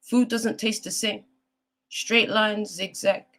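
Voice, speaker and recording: A woman's voice: medium pitch, fairly even intonation, slow pace, fairly bright tone. A woman speaking as a guest poet on a video call, reciting spoken word poetry and then chatting in a heartfelt, earnest way.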